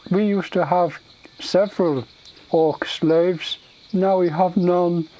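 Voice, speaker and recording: A man's voice: high-pitched, steady tone, takes it slowly, mellow, slight background noise, pitched above the performer's own voice, low-quality recording. A man voicing a dim-witted hulking male ogre chieftain who talks in broken, simple grammar. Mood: eager.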